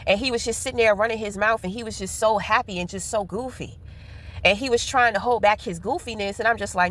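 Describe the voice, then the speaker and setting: Car noise hums behind a woman vlogger who chats while driving, her medium-pitched voice fast and fairly bright. She spins a rambling, unfiltered tale laced with profanity.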